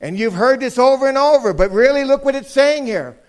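A male pastor preaching a sermon, emphatic, swinging from loud shouted lines down to quiet asides. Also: very high voice, animated, brisk. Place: church sanctuary.

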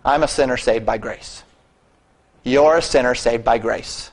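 A man's voice: mid-range voice, measured pace, rough recording. A man preaching a sermon as pastor, earnest and exhorting, often dropping his voice for emphasis.

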